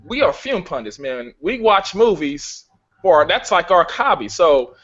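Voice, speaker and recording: A man's voice: sits high, big pitch swings, unhurried, fairly bright tone, muffled recording. A man debating a film in casual talk, emphatic and heavy on swearing. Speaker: film reviewer.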